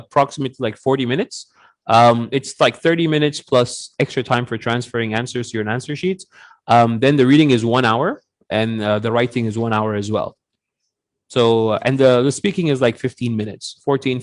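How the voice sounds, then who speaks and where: A man's voice: medium pitch, a little fast. Male teacher guest, casual and playful, plenty of ums and restarts, middle voice. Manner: relaxed, jokey, mixes in Arabic phrases; lots of fillers and restarts, playful put-on voices. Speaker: IELTS teacher, interview guest. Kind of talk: casual interview on a live stream.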